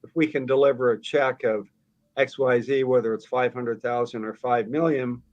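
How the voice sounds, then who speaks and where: A man's voice: medium pitch, fairly even intonation, moderate pace, darkish tone, dull audio. Earnest middle-aged man as interview guest. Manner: earnest, plain-spoken, reflective. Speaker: guest, financial advisor. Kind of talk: conversational interview.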